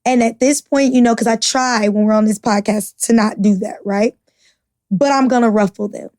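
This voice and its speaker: Woman podcast co-host, high register, fired-up and blunt, swears a lot; dry, close mic. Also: steady tone, normal speed, darkish tone, dry recording. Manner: passionate, blunt, swears freely. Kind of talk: casual opinionated chat.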